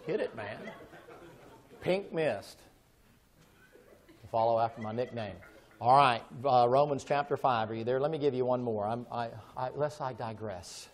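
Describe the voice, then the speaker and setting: A man's voice: medium pitch, fairly quick. A pastor preaching a sermon in church, joking and asking his congregation rhetorical questions.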